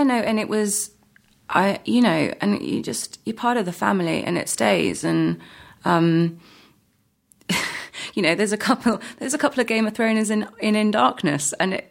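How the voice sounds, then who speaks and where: A woman's voice: medium pitch, vocal fry. A woman, an actor, chatting in an interview, hesitant with many fillers and restarts, laughing often. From Britain. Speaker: actor guest. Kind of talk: casual interview chat.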